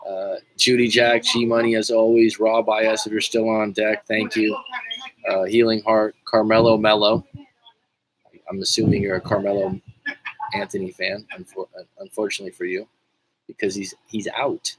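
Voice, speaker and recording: A man's voice: on the low side, flat delivery, moderate pace, slight background noise, low-quality recording. A man coaching on a livestream in a casual, joking and profane way, rambling with frequent restarts while reading viewer comments. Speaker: life coach.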